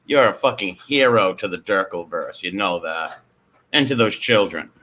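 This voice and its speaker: Bright-voiced excitable male streamer. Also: deep voice, normal speed. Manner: excitable, swears freely. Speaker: streamer commenting on footage. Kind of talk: casual profane commentary.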